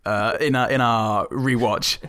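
A British man in a relaxed podcast chat, delivering dry, sweary jokes between hesitant ums and uhs. His voice sits at an ordinary middle pitch. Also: measured pace, smooth, no room sound. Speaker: podcast co-host. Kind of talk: casual film-review chat.

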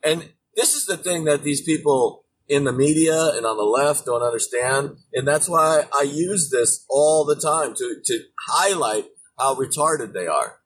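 A man's voice: fairly high pitch, animated, unhurried, hardly any pauses, far from the mic, a little hiss or hum, poor audio. A man hosting a political show, ranting in a profane, mocking way about politicians. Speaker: political podcast host. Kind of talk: opinionated political commentary.

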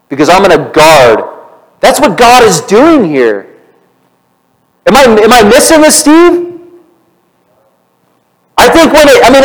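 A male pastor preaching a sermon in church, animated and conversational, asking the congregation questions. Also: high voice, low-quality recording.

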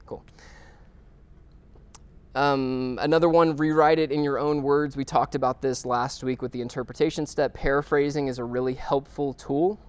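Guy teaching bible study, casual and chatty, lots of ums, mid-pitch voice. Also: steady tone, normal speed, clean tone. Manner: conversational, with frequent fillers and restarts; checks in with listeners.

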